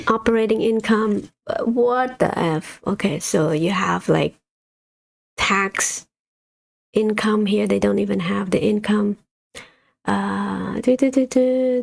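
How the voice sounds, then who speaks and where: A woman's voice: medium pitch, creaky. A woman hosting a casual livestream, giving exasperated, blunt commentary on stocks while reading figures off a screen. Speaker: stock market livestream host.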